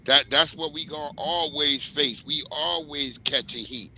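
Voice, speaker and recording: A man's voice: on the high side, a little slow, sharp tone, slight background noise, low-quality recording. A man on a casual panel, ranting in a heated and blunt way.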